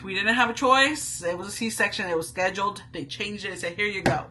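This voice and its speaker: A woman's voice: mid-range voice, brisk, over music, rough recording. A young woman, a stay-at-home mom, telling a candid story to camera in a chatty, casual way full of asides and slang.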